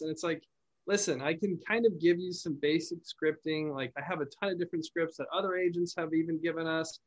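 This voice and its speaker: A man who owns a call center, hosting a podcast and explaining phone sales in a relaxed, chatty way, often restarting his words. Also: fairly high pitch, brisk, low-quality recording. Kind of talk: casual conversational podcast chat.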